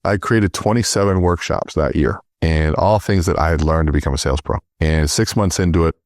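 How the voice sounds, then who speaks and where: A middle-aged man, a sales trainer, telling animated stories in an interview and acting out the dialogue. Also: sits low, brisk, no echo, clean studio sound. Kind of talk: storytelling in interview.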